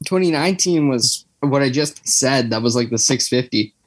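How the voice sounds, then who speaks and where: A man's voice: medium pitch, expressive, moderate pace, dry recording. A young man, chatting casually as a podcast co-host, rambling with lots of fillers and tangents. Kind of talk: casual chat.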